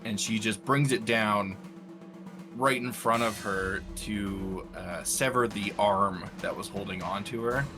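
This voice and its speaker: A man's voice: lowish voice, a little slow, music in the background. A man describing his character's actions in a tabletop game, hesitant and full of fillers. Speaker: player.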